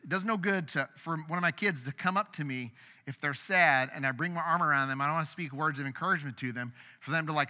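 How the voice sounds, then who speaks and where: A middle-aged man preaching a sermon as pastor, conversational and animated, with sudden loud bursts. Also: on the high side. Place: church sanctuary. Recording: long hall reverb.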